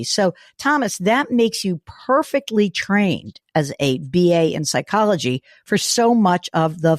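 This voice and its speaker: A woman hosting and interviewing a guest, her voice hoarse from a cold, chatty and quick to laugh. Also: mid-range voice, dry recording, clean studio sound. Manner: lively, chatty, laughs easily. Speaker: host.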